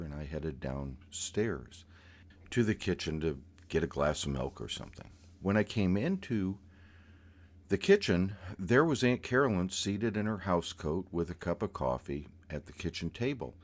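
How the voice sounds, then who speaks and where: A man telling a personal story from his youth in an unhurried, reflective way, with small restarts. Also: low-pitched, a little mellow.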